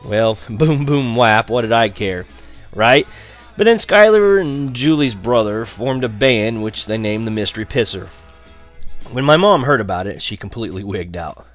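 A man's voice: medium pitch, animated, normal speed, soft background music. A man narrating a children's novel in a wry, chuckling storytelling manner. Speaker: audiobook narrator. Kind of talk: scripted narration.

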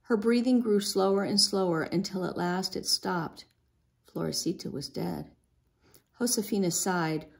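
Woman, children's book read-aloud, gentle, expressive, mid-pitched voice. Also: unhurried, vocal fry. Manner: gentle, expressive, lifts her voice for a young girl's lines. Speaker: storybook reader.

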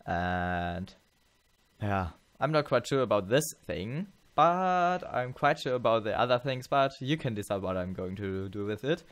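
A tired man talks through his let's play, rambling and halting, full of fillers and restarts. His voice sits a little low and sounds smooth and clean. The sound is dry and close. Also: animated, dry recording. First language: German. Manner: rambling, halting, many fillers and self-corrections. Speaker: gameplay channel host.

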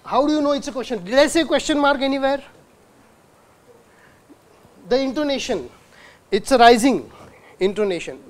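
A man lectures in a hall. He keeps asking the audience questions he then answers himself. He sounds out words slowly to demonstrate them. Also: very high voice, expressive. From India. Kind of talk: university lecture.

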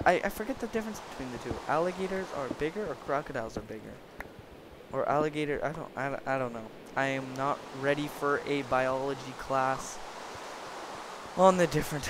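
A young man giving excitable, rambling commentary while playing a block-building game and joking with the creatures he meets. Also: medium pitch, brisk, background noise. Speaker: gaming video creator. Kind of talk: Minecraft let's play commentary.

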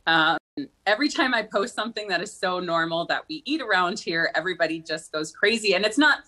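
A woman's voice: on the low side, lively intonation, fairly quick, bright, forceful tone. A woman from Minnesota with a Midwestern accent, a talk show guest telling stories in a chatty, giggly way. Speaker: guest, social media creator.

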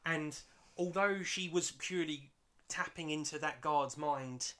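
A man's voice: fairly high pitch, measured pace. A man hosting a podcast, animatedly recapping a show in casual chat and acting out lines as he goes. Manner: animated, acts out characters mid-recap. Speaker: podcast host.

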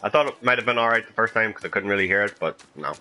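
A man's voice: fairly low pitch, expressive, racing, bright, forceful tone, slight background noise, low-quality recording. A man hosting a gaming channel, giving casual gameplay commentary in a profane, self-mocking way.

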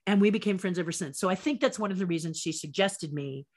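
An older woman guest telling behind-the-scenes anecdotes in an animated way, acting out the voices with big jumps in pitch. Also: quick pace. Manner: lively storyteller who acts out voices with big jumps in pitch. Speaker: interview guest, former set designer and puppeteer.

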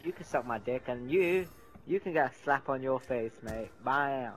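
A man's voice: medium pitch, expressive, moderate pace. A young British man giving casual, teasing commentary over his own gameplay on a headset. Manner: teasing, laughing banter. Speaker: gamer recording his own matches. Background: loud game music and gunfire.

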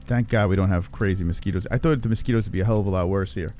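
A man's voice: low voice, rapid-fire, dark tone, faint music behind. A man streaming a horror game live from his home computer, cursing often, startling easily and mocking his own play. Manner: swears a lot, jumpy, self-mocking. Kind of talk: live gameplay commentary. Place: home room with gaming computer.

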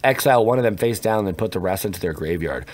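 Lively joking man opening card packs. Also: on the low side, quick pace. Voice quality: lively, swooping delivery. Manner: jokey, teasing, rambling asides. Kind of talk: casual pack-opening commentary.

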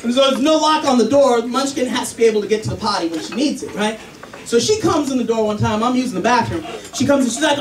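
A man's voice: very high voice, fast talker. A man doing a chatty stand-up comedy set about parenting, acting out voices. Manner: animated, chatty, acts out voices. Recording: roomy club, distant mic, crowd noise.

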